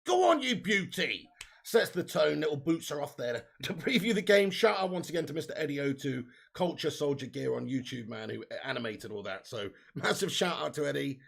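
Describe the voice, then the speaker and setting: A man's voice: a little high, fairly quick, creaky, hardly any pauses. A man hosting a live football watch-along, joking, laughing often and reading out viewer comments. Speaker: live stream host.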